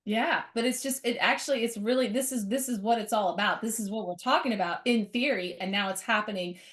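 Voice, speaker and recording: A woman's voice: fairly high pitch, a little fast, a bit bright. A middle-aged woman co-hosting a casual spiritual chat, reflective and lifting her voice for quoted thoughts. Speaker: co-host.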